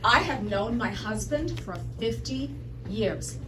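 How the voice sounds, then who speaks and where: A woman's voice: a little high, animated, takes it slowly. A woman about to turn seventy, performing a stand-up comedy set with punchy joke delivery. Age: 60s. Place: comedy stage. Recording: echoey live club recording from far off with loud noise.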